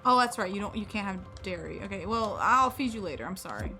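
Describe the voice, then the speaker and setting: Woman, live game streamer, playful rambling chat, self-deprecating, mid-pitched voice, game music underneath. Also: sing-song, fast, sharp tone. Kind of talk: casual live gameplay commentary.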